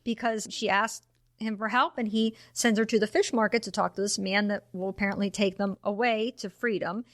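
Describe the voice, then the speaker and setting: A woman's voice: mid-range voice, steady tone, brisk, dry recording. A woman co-hosting a podcast, casually retelling a film's scenes and sometimes slipping into the characters' voices. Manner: retells scenes with quoted voices, laughs often. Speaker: podcast co-host. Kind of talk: casual film discussion.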